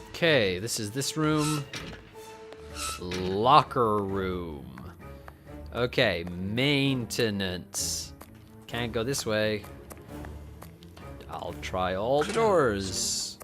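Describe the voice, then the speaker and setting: A woman with an unusually deep voice that still rises and falls a lot. She is tipsy and rambles through a game stream, cursing casually as she talks to herself. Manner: tipsy, swearing, talking to herself. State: drunk.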